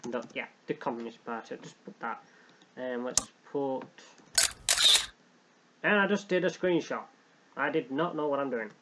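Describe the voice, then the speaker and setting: A man's voice: medium pitch, normal speed, long pauses, highs cut off, noisy background. A young man hosting a let's play, joking and rambling as he reads game text aloud. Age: young adult. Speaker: gaming channel host.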